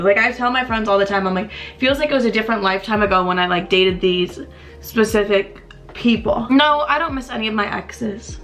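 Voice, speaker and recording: A woman's voice: mid-range voice, brisk, a bit bright, soft background music. A young woman in her twenties chatting casually and swearing a lot while getting ready on camera. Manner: chatty, profane, frequent likes. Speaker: vlogger. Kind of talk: casual get-ready-with-me chat.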